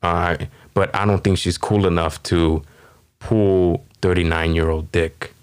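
Deep-voiced man in rambling podcast banter. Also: fairly even intonation, unhurried, clear, resonant tone. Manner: rambling, profane, with many fillers. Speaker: podcast host. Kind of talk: casual comedic commentary.

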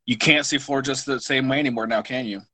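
A man's voice: mid-range voice, fast talker, pushed and bright, poor audio. A man co-hosting a casual podcast, rambling and self-mocking as he rates things. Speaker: podcast co-host. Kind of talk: casual chat.

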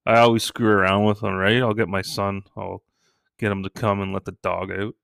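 A man's voice: level tone, a little fast, vocal fry, clear, resonant tone, no room sound, clean studio sound. A middle-aged man from Canada telling crude comic stories in a casual way, with his children and everyday mishaps as material. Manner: crude, joking, acts out quoted lines in a high shouting voice. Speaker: stand-up comedian. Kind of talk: casual comedic storytelling.

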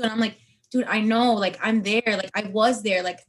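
A woman's voice: on the high side, steady tone, fairly quick. A young woman guest on a podcast, talking openly and earnestly in casual chat. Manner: earnest and open, encouraging.

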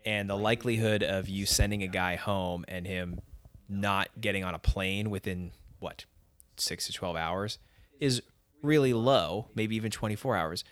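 Lowish-voiced man podcast co-host. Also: steady tone, normal speed. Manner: conversational recapper, laughs easily. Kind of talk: casual chat recapping a dating show.

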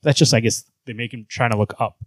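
Male podcast co-host, profane casual comic talk, dry close mic, mid pitch. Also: fast talker, no room sound. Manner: profane, reads and acts out comic dialogue. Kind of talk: casual comic book review chat.

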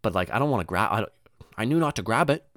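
A young man rambles through a casual story, swearing freely and slipping into voices for the people in it. His pitch swings widely. The recording is very dry, with no room sound. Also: expressive, fast talker, a bit bright, no echo. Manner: rambling, profane, slangy, acts out voices.

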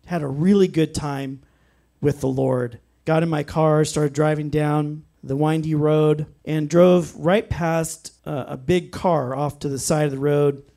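Earnest preacher man, fairly high voice. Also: steady tone, a little slow, creaky, dark tone. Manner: earnest storytelling, frequent restarts and amens. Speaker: pastor. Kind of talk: sermon with personal story.

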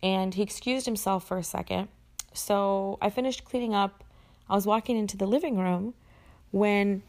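A woman's voice: mid-range voice, normal speed, darkish tone. A woman recounting a personal story in a casual, conversational way, with frequent fillers and self-corrections.

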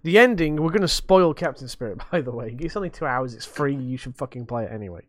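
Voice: mid-range voice, animated, fast talker, fairly bright tone. A young adult podcast host chatting casually, rambling and swearing freely with a self-mocking streak.

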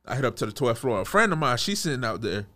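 A young man retelling a personal run-in in a casual storytime, animated, restarting his sentences and chuckling as he goes. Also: medium pitch, fast.

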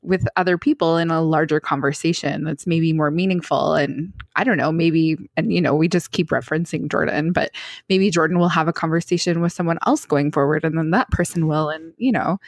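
A woman's voice: deep voice, fairly even intonation, brisk, no room sound. A young woman from Canada co-hosting a podcast in casual chat, laughing often and telling stories with animation. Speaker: podcast co-host.

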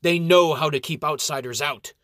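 A man's voice: mid-range voice, lively intonation, normal speed, fairly bright tone, no echo, clean studio sound. A man voicing an impatient, arrogant male ranger who talks in a brusque, dismissive way.

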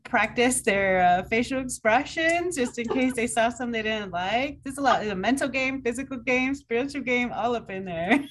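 A woman's voice: fairly high pitch, moderate pace, hardly any pauses, fairly bright tone, low-quality recording. A woman co-hosting a podcast in casual chat, telling stories with lots of "like"s and frequent laughter. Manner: chatty storyteller, many "like"s, frequent laughter. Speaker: podcast co-host.

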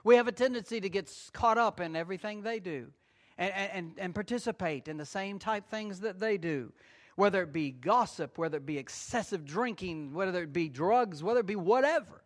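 A man in middle age delivers a sermon with a notably high-pitched voice. He talks to his congregation conversationally, repeating key phrases and acting out quick back-and-forth asides. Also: expressive. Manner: conversational preaching with repetitions and acted-out asides. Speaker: pastor.

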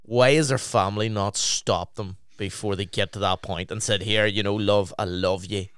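Laid-back man, smooth voice. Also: lowish voice, steady tone, moderate pace, a bit bright, no room sound, studio quality. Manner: swearing, storytelling with laughs and acted quotes. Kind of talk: casual chat.

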